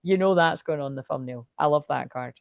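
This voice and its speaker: A woman giving a casual tarot reading to camera, chatty and excitable, thinking aloud and swearing freely. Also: sits low, brisk, vocal fry, no echo, dull audio. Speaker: tarot reader.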